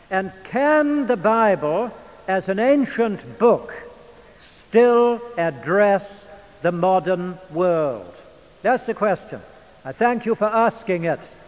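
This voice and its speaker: An older man with an English accent preaching a sermon in a church, in a measured, emphatic manner. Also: sits high. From England. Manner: measured, emphatic delivery with drawn-out phrases. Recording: long church reverb.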